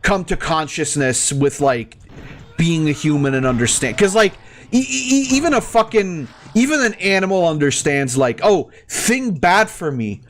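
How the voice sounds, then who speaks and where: Fairly high-pitched and animated, a male streamer talks at normal speed while playing a game. His casual talk turns into a heated, exasperated rant full of swearing and stammering restarts.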